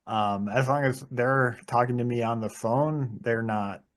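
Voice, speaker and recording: A man thinking aloud in a casual movie chat, halting and restarting often. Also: medium pitch.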